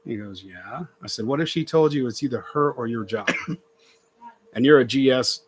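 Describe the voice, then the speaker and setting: A middle-aged man swaps stories in a relaxed chat, his pitch jumping as he acts out what others said. He laughs easily. A faint hum sits behind him. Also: moderate pace. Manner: animated, acts out quoted voices, laughs often. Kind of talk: casual storytelling chat.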